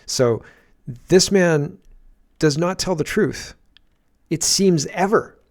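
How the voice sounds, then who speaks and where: A man's voice: fairly high pitch, slow. Sarcastic man ranting as show host. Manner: sarcastic, bursts into loud exasperated outbursts. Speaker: political commentary host. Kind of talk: casual commentary rant.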